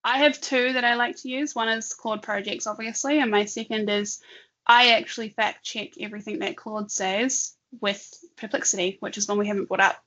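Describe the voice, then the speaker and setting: Woman, co-host, bright sharp tone, chatty, thinks aloud, laughs a lot, lo-fi video call audio. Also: a little high, steady tone, normal speed. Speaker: webinar co-host. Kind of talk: casual live demo chat.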